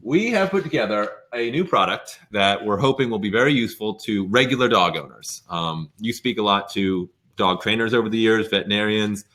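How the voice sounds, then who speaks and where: A young man co-hosting a dog training webinar, summing up lessons and pitching an offer in an upbeat way. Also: fairly quick, hardly any pauses, fairly bright tone. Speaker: co-host. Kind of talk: webinar presenting.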